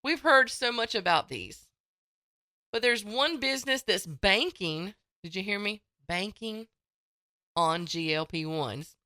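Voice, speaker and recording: A woman hosts a morning radio show in a chatty, folksy, playful way. Her voice swings widely in pitch and sounds bright and crisp, recorded dry and close on a studio mic. She takes her time, talking at an unhurried pace. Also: expressive, no echo. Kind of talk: casual morning radio chat. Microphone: studio microphone.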